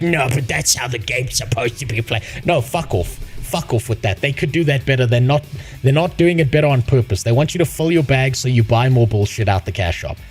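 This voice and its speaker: A man's voice: medium pitch, darkish tone. A man ranting on a live stream about a game, profane and sarcastic. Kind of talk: casual live-stream rant.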